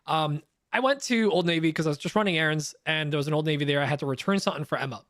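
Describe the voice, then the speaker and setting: Man, young adult, podcast co-host, casual chat, high pitch, laughing, animated, dry close sound. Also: very fast, no room sound. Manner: laughs often, animated storytelling.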